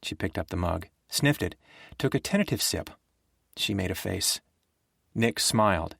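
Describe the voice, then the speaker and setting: Low-voiced male audiobook narrator. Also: gravelly, no echo, studio quality. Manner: even, measured storytelling.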